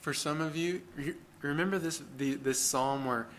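A man's voice: fairly high pitch, moderate pace, fairly bright tone. A man preaching a sermon as pastor, speaking in an earnest, plain-spoken conversational way and putting rhetorical questions to the congregation.

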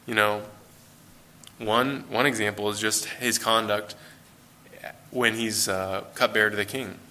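An American man delivers a sermon to a church congregation. His voice sits fairly low but has a bright, forward edge. He talks in a loose, conversational way, with fillers and restarts. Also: fairly even intonation, unhurried. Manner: conversational, with fillers and self-corrections. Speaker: preacher.

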